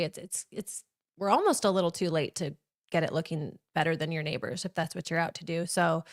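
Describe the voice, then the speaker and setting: Low-voiced woman hosting, dry close sound. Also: fairly bright tone, no echo. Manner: teasing, brisk segue-driving. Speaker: podcast host. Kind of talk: casual chat and reading topics.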